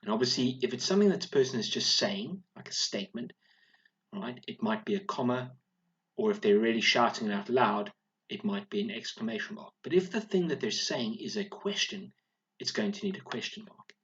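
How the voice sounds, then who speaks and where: A man teaching a recorded video lesson to young schoolchildren, speaking clearly and encouragingly, often checking in with "all right?". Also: medium pitch, lively intonation, brisk, a bit bright, dull audio.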